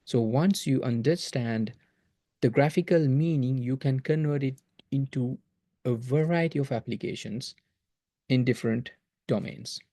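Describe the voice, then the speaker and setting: A man's voice: medium pitch, a little slow, warm tone, no echo, studio quality. A man teaching a math lesson in a recorded video lecture, explaining patiently and repeating phrases to stress his points.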